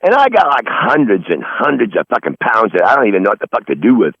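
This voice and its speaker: A man's voice: lowish voice, huge pitch swings, fast talker, creaky, fairly bright tone, dry recording. A man rambling in crude, profane casual chat, calling in from outdoors in his garden over a phone line. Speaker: regular call-in guest.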